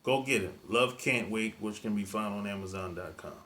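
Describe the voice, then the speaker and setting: Bright-voiced man giving emphatic advice. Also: fairly low pitch, normal speed. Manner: emphatic, repetitive, preachy; colloquial, drops verb endings. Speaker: dating coach. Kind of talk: monologue dating advice.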